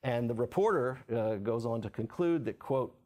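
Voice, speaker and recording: Man giving a halting academic talk. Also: mid-range voice, animated, darkish tone. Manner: halting, many fillers and restarts; reads quotes aloud with lifted voice. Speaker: author and lecturer.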